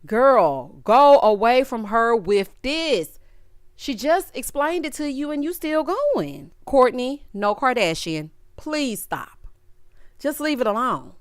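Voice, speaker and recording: A woman hosts a casual reality TV recap, tossing out sassy, slangy asides straight to her viewers. Her voice sits a little high, swoops all over the place, and comes through smooth and clear. The sound is dry and close, with no room echo. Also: big pitch swings, takes it slowly.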